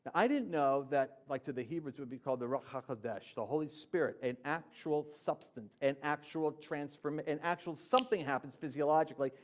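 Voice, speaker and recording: A man telling his conversion story in a conversational, animated way, jumping from loud emphatic bursts to quiet low asides. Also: fairly quick, few pauses. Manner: conversational with fillers and slang. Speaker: Christian speaker. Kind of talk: personal testimony storytelling.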